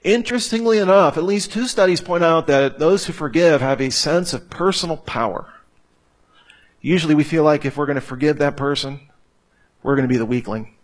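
A man's voice: a little high, a little fast. A man preaching a sermon to a gathered congregation, emphatic and repeating phrases for effect. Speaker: pastor. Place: church hall with a live audience.

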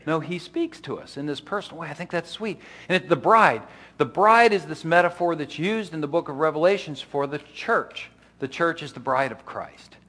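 A middle-aged man preaching to his congregation as pastor, his voice sitting a little higher than most men's. He talks in a loose, conversational way, restarting phrases and dropping in asides as he explains the passage. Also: expressive, moderate pace, sharp tone. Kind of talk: sermon.

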